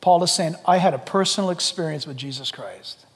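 A man preaching a sermon to a congregation, dramatic and animated, jumping from loud exclamations to hushed near-whispers and acting out quoted voices. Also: a little high, a little fast, gravelly. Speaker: pastor. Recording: long hall reverb.

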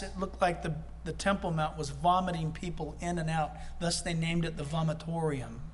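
A man's voice: sits high, fairly bright tone. A male preacher delivering a sermon, reading scripture aloud and breaking off into conversational asides to the congregation.

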